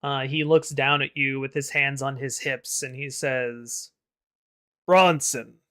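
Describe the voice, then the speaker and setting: A man running a tabletop game as game master, narrating in a relaxed way with many fillers. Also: mid-range voice, a little slow, clear, resonant tone.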